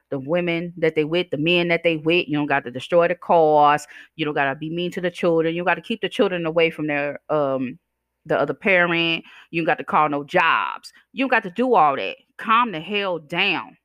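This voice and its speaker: A woman's voice: low-pitched, a little fast, fairly bright tone, no echo. A woman hosting a podcast, ranting bluntly and sassily while chewing gum, her words slightly slurred. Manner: blunt, sassy, preachy. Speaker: podcast host. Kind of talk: ranting monologue.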